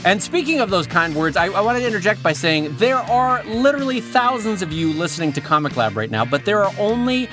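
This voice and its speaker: Man, podcast co-host, jokey, very lively delivery, casual chat. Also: sits high, a little fast, hardly any pauses, music in the background. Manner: playful, jokey, slips into silly voices.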